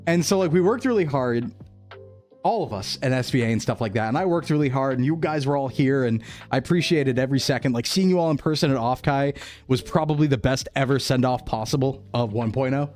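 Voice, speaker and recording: Faint music plays behind a young male VTuber whose medium-pitched voice is a bit fast and somewhat dark. He rambles reflectively through casual stream talk, laughing a lot and repeating himself.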